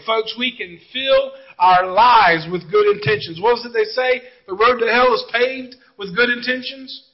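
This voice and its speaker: A man's voice: very high-pitched, normal speed, muffled recording. A male pastor preaching a sermon, emphatic and drawing out key words as he addresses the congregation directly.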